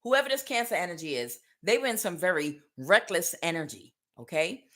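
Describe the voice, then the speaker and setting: A woman's voice: lowish voice, sharp tone. A woman giving a casual spiritual tarot reading, speaking emphatically and directly to the listener. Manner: emphatic, repetitive, direct address. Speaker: tarot reader.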